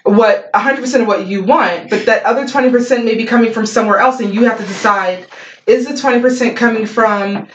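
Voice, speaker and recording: A woman in a casual heart-to-heart talk, making her case quickly and defensively. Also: on the high side. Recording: roomy, dull, faint noise.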